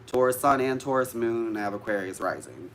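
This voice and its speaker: A man's voice: mid-range voice, fairly quick, a little hiss or hum. A man vlogging casually to live viewers about witchcraft, chatty and easily sidetracked, swearing now and then.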